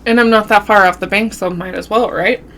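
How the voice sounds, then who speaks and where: A woman vlogger casually telling a spooky story while eating, with a runny nose and an animated, drawn-out way of talking. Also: medium pitch, slight background noise. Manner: animated storytelling with southern-style "y'all". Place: home, eating on camera.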